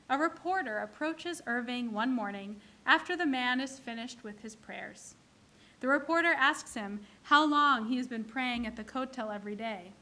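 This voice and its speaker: A woman's voice: high-pitched, pushed and bright. A woman from the clergy giving a sermon in a synagogue, telling jokes and acting out their characters. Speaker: clergy leading a service.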